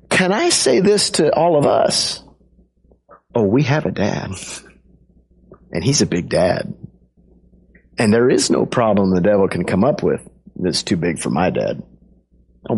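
A man's voice: medium pitch, a little mellow, slightly rough. A man preaching a sermon to a congregation in a conversational, playful way, acting out quotes with his voice. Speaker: pastor.

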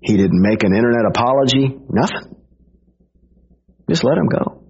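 A man preaching a casual storytelling sermon, husky-voiced and animated, breaking into little acted quotes. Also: medium pitch, moderate pace. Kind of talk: conversational sermon. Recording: dull lo-fi recording.

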